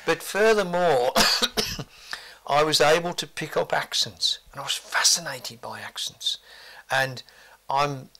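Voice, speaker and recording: A man's voice: a little high, takes it slowly, vocal fry, sharp tone. An older man, reminiscing forthrightly in an interview with blunt asides.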